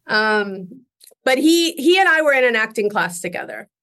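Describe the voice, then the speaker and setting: A middle-aged woman talks as a guest in a relaxed interview, her voice sitting a little high. She tells her stories in a loose, chatty way and breaks into laughter often. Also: moderate pace. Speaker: guest actress. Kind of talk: casual interview chat.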